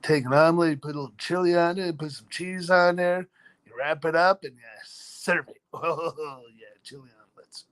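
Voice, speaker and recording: Bright and fairly high, this man's voice holds a steady tone at a moderate pace. He runs a casual live chat, reading viewers' names and ribbing himself, with frequent laughter.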